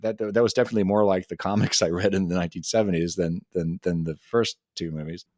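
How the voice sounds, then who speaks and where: A man's voice: low-pitched, fairly even intonation, fast talker, a little mellow, no room sound, studio quality. A man in his fifties co-hosting a podcast, casually reminiscing about seeing a movie. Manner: rambling storytelling, reminiscing with restarts. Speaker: podcast co-host. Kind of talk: casual movie breakdown chat.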